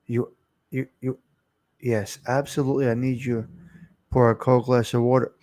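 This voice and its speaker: A man's voice: medium pitch, flat delivery, moderate pace, warm tone, dry recording. Chatty man, close dry mic. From Italian-American, from New Jersey. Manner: chatty, asks viewers about his mic sound. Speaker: livestream host. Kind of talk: casual chat reading live comments. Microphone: close desk microphone.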